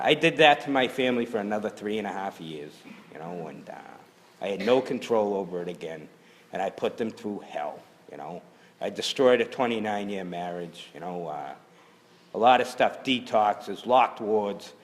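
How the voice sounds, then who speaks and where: A man's voice: on the low side, big-room sound. A middle-aged man telling his recovery story at a meeting, blunt and rambling, full of "you know.". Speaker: speaker sharing recovery story. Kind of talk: personal testimony at a recovery meeting.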